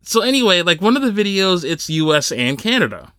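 Bright, lively man telling stories. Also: high voice, brisk, no echo. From New Jersey. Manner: animated storyteller, acts out quoted people. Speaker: podcast host. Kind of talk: casual podcast chat.

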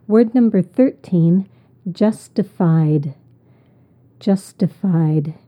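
A woman teaching English vocabulary, repeating each word and explaining it patiently. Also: on the low side. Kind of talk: slow, deliberate vocabulary lesson. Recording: tinny phone-like audio.

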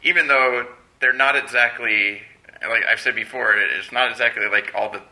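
A man co-hosting a casual TV podcast, relaxed and often saying "you know". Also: mid-range voice, moderate pace. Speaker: podcast co-host. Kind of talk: casual chat. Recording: roomy echo.

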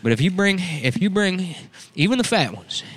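A man's voice: high-pitched, sing-song, moderate pace, a bit bright, husky, pitched above the performer's own voice, full character voice. A man playing a crude redneck uncle, rambling and leering.

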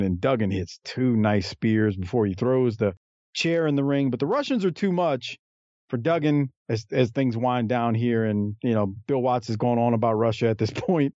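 A man's voice: medium pitch, normal speed, dry recording, highs cut off. A man co-hosting a podcast, chatting casually about a wrestling match and acting out the wrestlers' lines. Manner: animated, acts out wrestlers' lines in a raised voice.

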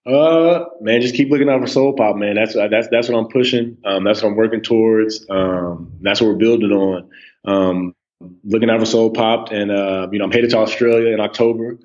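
Chill guy in his 30s on a podcast, lowish voice, kinda dull lo-fi sound, lots of "you know". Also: steady tone, moderate pace, darkish tone. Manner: laid-back, stammers on restarts, says "man" and "you know" a lot. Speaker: podcast guest, snack company co-owner. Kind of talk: casual podcast interview.

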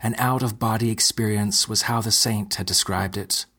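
A man narrating a dark fantasy story in a steady, measured way, with a husky voice. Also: on the low side. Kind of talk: scripted narration.

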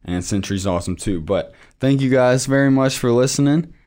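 A man's voice: medium pitch, brisk, a little mellow. A man co-hosting a podcast with his father in a studio, talking casually with a dry, teasing manner. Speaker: co-host, host's son. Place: recording studio.

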